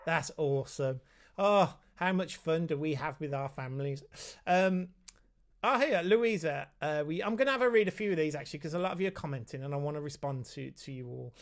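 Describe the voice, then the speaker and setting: Give me a middle-aged man with a slightly high voice, casually hosting a live Q&A for parents. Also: a little fast. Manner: chatty, reads out viewer comments, talks aside to his child. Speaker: autism specialist hosting a parent Q&A.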